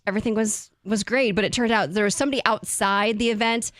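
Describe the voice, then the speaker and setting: A woman's voice: medium pitch, steady tone, fast, a bit bright, dry recording. A woman co-hosting a sports radio show, chatting casually and reading quiz questions. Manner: chatty, reads news and quiz questions evenly. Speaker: radio co-host, game presenter. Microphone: studio microphone.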